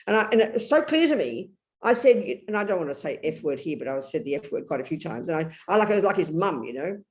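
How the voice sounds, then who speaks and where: An older woman with an English accent giving a blunt, animated Buddhist talk, telling stories and breaking into sudden loud bursts. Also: lowish voice, fast talker. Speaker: Buddhist nun teacher. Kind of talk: Dharma talk.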